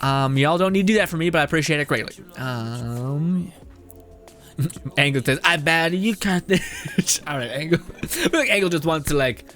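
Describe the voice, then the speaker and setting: A man's voice: on the high side, animated, moderate pace, a bit bright, faint music behind. A man streaming a game, chatting casually with viewers and reading out their messages, laughing often and swearing freely.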